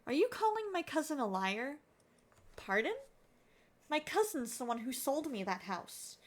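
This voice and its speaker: Gruff hostile man in a life-sim game, read by a woman in a lowered voice. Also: sing-song, measured pace, full character voice. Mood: curt, hostile. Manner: curt and hostile. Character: gruff suspicious middle-aged man. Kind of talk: reading game dialogue aloud.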